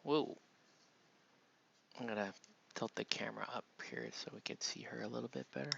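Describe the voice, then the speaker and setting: A man's voice: mid-range voice, normal speed, creaky, fairly bright tone, lo-fi sound, slight background noise. A man chatting casually on a live stream while he paints, murmuring half to himself and talking to viewers between brushstrokes.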